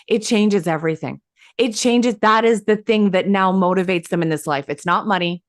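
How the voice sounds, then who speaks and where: A woman guest telling her story in an interview, lively and emphatic, acting out quoted dialogue as she goes. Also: mid-range voice, normal speed, dry recording, clean studio sound. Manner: animated, acts out quoted dialogue; emphatic and enthusiastic. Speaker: hypnosis coach and guest.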